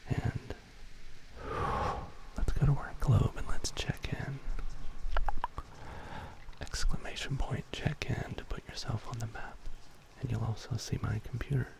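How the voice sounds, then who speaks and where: Slow, gravelly whispering man. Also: mid-range voice, fairly even intonation, poor audio. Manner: slow, soft whispering with drawn-out words. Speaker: ASMR streamer. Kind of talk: whispered ASMR talk. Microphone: close studio microphone in a sound booth.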